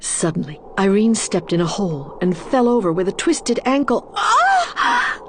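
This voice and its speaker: A woman reading a children's storybook aloud in an expressive, deliberate way. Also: mid-range voice, slight background noise. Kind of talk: storybook narration.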